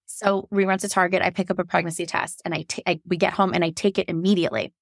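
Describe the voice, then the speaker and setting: A woman in her thirties telling a personal story on a podcast, laughing often and acting out quotes in a higher voice. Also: level tone, quick pace, vocal fry, no echo, clean studio sound. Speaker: podcast guest. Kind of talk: casual storytelling.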